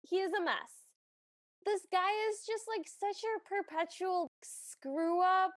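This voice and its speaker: A woman's voice: very high-pitched, takes it slowly, no room sound, clean studio sound. A woman co-hosting a podcast, chatting casually and reacting with wry asides. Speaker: podcast co-host. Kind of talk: casual chat.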